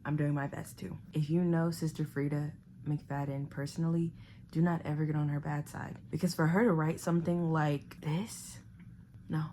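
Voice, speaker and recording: A young woman, chatting animatedly at home as she reviews a thriller she just read and sometimes dropping to a hushed whisper. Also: low voice, little pitch movement, normal speed, slight background noise. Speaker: book vlogger. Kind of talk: casual chat reviewing a thriller. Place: home living room.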